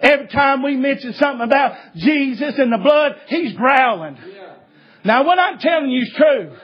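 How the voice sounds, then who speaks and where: A man preaching a sermon, telling a story in a folksy, repetitive way with many filler sounds and bursts of shouting. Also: very high-pitched, lively intonation, moderate pace, dull audio.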